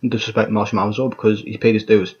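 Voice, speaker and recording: A man's voice: fairly low pitch, level tone, quick pace, darkish tone, husky, muffled recording. A man reviewing a rap track in an exasperated, profane rant, often stumbling and repeating himself. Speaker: music reaction vlogger. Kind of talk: ranting reaction commentary.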